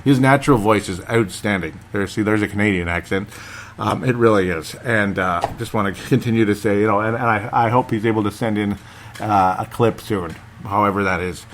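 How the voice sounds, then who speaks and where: A man's voice: lowish voice, fairly even intonation, brisk, fairly bright tone, a little hiss or hum. A man hosting a casual solo podcast, rambling and chatty, laughing often and talking straight to his listeners. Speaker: podcast host.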